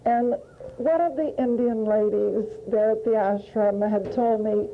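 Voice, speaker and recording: A woman's voice: on the high side, fairly even intonation, a little slow, mellow, lo-fi sound, slight background noise. A woman telling a personal story at a spiritual retreat, heartfelt and repeating words for emphasis. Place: retreat gathering.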